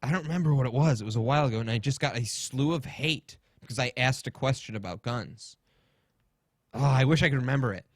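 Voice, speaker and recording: A man's voice: medium pitch, fast, no echo. A man hosting a podcast, telling a rambling story in a casual, swearing rant. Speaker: podcast host.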